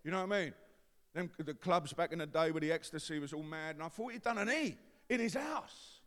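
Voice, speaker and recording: A man with an East London accent preaching a testimony sermon, dropping to quiet confiding and building to loud shouts. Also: fairly high pitch, fairly quick. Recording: long hall reverb.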